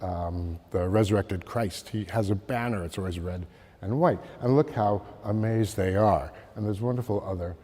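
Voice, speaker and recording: A man giving an art history slide lecture, halting with many fillers and calling for the next slide. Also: on the low side, mellow. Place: lecture hall. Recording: long hall reverb.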